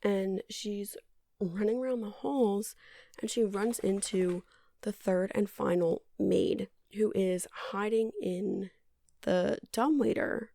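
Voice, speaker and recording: A woman's voice: medium pitch, takes it slowly, gravelly, warm tone, dry recording. A woman podcast host giving a casual movie recap in a dry, sarcastic, rambling way.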